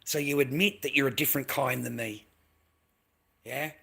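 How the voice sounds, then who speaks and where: A man's voice: medium pitch, steady tone, moderate pace, gravelly, pushed and bright, breathy edge. An Australian man ranting on a live stream, aggressive and profane, repeating himself and snapping back at viewers in chat. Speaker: livestreamer. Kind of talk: angry live-stream rant.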